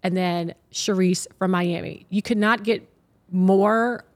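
A woman from New Orleans with a New Orleans accent, chatting casually and telling animated stories full of restarts. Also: medium pitch, slow. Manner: animated, tumbling restarts, storytelling. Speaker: guest, TV host. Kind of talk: casual chat.

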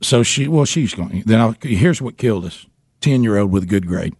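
A man hosting a radio show, telling a story in a casual, animated way with laughter and repeated words. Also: on the low side, moderate pace, slightly rough, no echo, clean studio sound.

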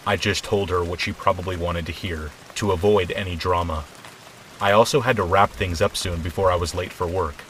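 A man with a very deep voice reads a scary story aloud, calm and measured. Soft rain patters faintly behind him. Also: a little hiss or hum, poor audio. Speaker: horror story narrator. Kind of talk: scripted narration.

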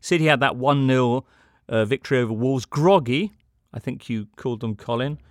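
A man's voice: mid-range voice, normal speed, dry recording, studio quality. A man hosting a football podcast, steering the chat with wry, theatrical phrasing. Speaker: podcast host.

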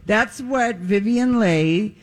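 A woman's voice: medium pitch, slow. A woman co-hosting a live radio show, giving dry, teasing replies. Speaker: radio co-host. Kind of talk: live radio broadcast chat.

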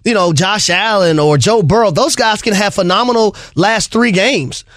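A man co-hosting sports radio in a fairly high voice. He argues his takes emphatically and keeps the tone playful. The recording is close and dry. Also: moderate pace, a bit bright, no room sound. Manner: laughing, playful, emphatic opinions. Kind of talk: sports talk show banter.

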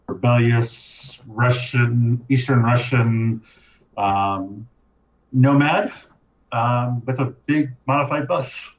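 A man player introducing himself on a game stream, shy and hesitant with many ums. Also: mid-range voice. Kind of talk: casual game-stream chat. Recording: dull lo-fi call audio with faint noise.

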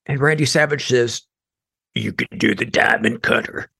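A man, a guest comedian, telling a wry, animated story in casual talk. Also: mid-range voice, moderate pace, gravelly, slightly rough.

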